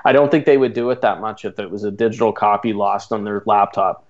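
A man's voice: on the low side, steady tone, fairly quick. A Canadian man with a Canadian accent, a podcast guest chatting casually and laughing at himself. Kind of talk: casual interview chat. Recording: dull lo-fi sound.

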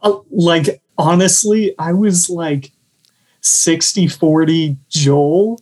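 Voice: mid-range voice, slow, a little mellow. A quiz player in casual chat who hesitates and thinks aloud. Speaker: quiz player and game master.

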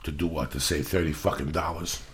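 A man hosting a casual podcast, telling profane, animated stories and acting out the quotes. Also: very deep voice, brisk. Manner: profane storyteller, acts out quotes. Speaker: podcast host. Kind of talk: casual chat. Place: Los Angeles area.

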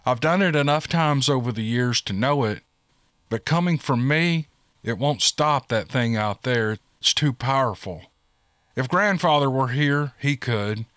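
A man voicing a soft-spoken, humble male character in an audiobook. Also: medium pitch, animated, unhurried, no room sound, studio quality.

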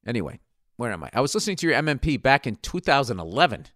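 A man's voice: mid-range voice, big pitch swings, racing, a bit bright, no echo, studio quality. A man hosting a podcast, reading an ad and listener mail in a profane, rambling, sarcastic way. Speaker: podcast host. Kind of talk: casual comedic rant and ad read.

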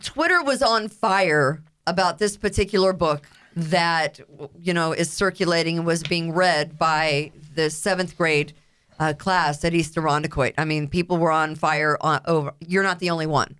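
A woman's voice: low voice, normal speed, a bit bright, smooth. A woman co-hosting a talk radio show, dry and skeptical, reading out listener messages.

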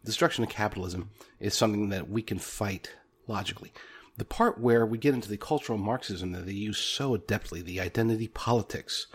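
A man's voice: lowish voice, darkish tone. A man giving an emphatic, argumentative political opinion monologue, often repeating himself for stress. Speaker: political commentator.

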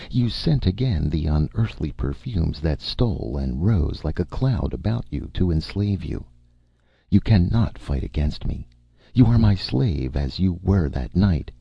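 A man's voice: sits low, gravelly, breathy edge, dry recording, highs cut off, heavily acted. A man voicing a cruel, seductive sorceress princess who purrs and taunts in a crooning voice.

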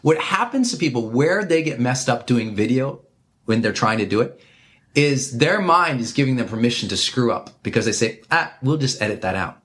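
A man speaking as an interview guest, his voice sitting at an ordinary middle pitch. He talks emphatically and with animation, laying out advice and counting off his points one by one. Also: lively intonation, moderate pace, a bit bright. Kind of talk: energetic conversational advice.

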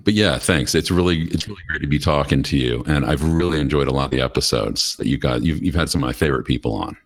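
A middle-aged American man with an extremely low, rumbling voice. He talks candidly and chattily as a podcast guest, telling stories and acting out bits of dialogue. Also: fast talker. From United States. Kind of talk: casual interview storytelling.

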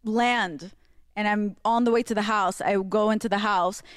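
A woman's voice: mid-range voice, steady tone, normal speed, clear, resonant tone, dry recording. A woman guesting on a podcast who tells stories in a chatty, rambling way with fillers. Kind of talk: casual storytelling.

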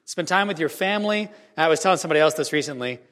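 Earnest priest in a reverberant church. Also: male voice, fairly high pitch, animated, fairly bright tone. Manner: earnest storytelling, measured pauses. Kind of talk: Christmas homily.

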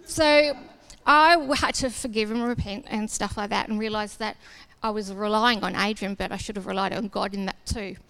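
A woman's voice: medium pitch, normal speed, creaky, clean tone. A woman giving a sermon testimony, a casual, self-deprecating storyteller who acts out the dialogue. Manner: lively storyteller acting out dialogue. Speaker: church speaker.

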